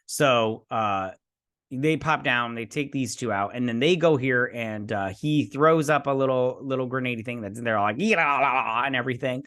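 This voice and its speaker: A man casually recapping and reviewing an episode. He rambles through the plot in a loose play-by-play and throws in mouth sound effects. His voice sits at a plain middle pitch. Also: normal speed, a bit bright, clear, resonant tone. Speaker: host.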